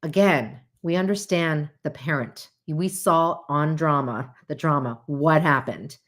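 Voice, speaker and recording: A woman hosting a casual livestream talk and chatting to her audience, animated, with frequent laughs and asides. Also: unhurried. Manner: animated, acts out quoted voices with big pitch jumps. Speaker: host.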